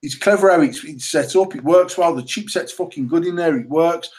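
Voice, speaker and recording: A man, co-hosting a casual banter podcast, talking in a sweary, excitable way and laughing often. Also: a little high, a little fast, low-quality recording. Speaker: podcast co-host, mod company owner.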